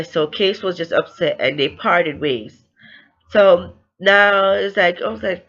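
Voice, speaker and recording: Excitable man recapping a novel. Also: sits high, unhurried. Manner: chatty and excitable, acts out the characters' lines. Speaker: book reviewer. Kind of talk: casual book recap. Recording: slightly lo-fi.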